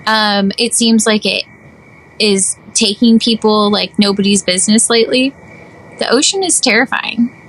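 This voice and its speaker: A young woman co-hosting a podcast in casual chat, animated and playfully dramatic. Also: mid-range voice, normal speed, rough recording. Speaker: podcast co-host.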